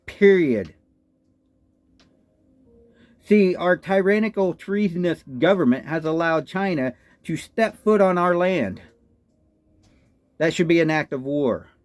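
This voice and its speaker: A man's voice: on the high side, lively intonation, a little slow, no room sound. A man with a Texan accent ranting in a political commentary, indignant and firing off repeated rhetorical questions. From Texas. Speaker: political vlogger.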